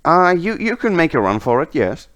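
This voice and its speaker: A man narrating a tabletop game as game master, chatty and relaxed, laughing often. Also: on the high side, brisk. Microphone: home microphone, online session.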